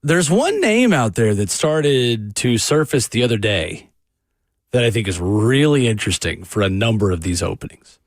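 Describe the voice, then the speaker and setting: A man hosting a sports talk radio show, upbeat and animated. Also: medium pitch, normal speed, dry recording, clean studio sound. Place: radio studio.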